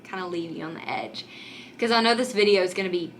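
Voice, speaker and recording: A young woman vlogger speaks quickly in a lowish voice, with slight background noise. She talks candidly and chattily to the camera, sprinkling in lots of "like" and "um," and sometimes seems close to tears.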